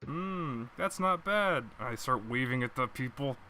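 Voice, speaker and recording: A man's voice: mid-range voice, animated, measured pace, sharp tone, slight background noise. A man playing a tabletop game, jokey and laughing often. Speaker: player. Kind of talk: casual tabletop game chat.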